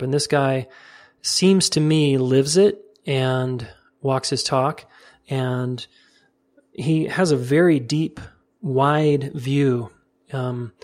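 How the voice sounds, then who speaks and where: Casual enthusiastic male podcast host. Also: mid-range voice. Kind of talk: interview and wrap-up narration.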